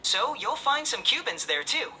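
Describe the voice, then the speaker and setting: This is an artificial woman's voice speaking as a chat assistant. It sounds bright and crisp, and the pitch moves in a lively way. It stays cheerful and eager, with a faint hiss in the background. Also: moderate pace. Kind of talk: upbeat assistant replies.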